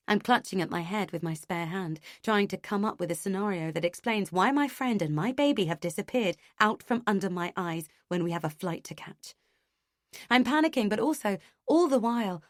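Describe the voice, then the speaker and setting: Woman reading a thriller audiobook, tense and measured, mid pitch, dead dry studio sound. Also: animated, no echo. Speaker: audiobook narrator. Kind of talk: first-person audiobook narration.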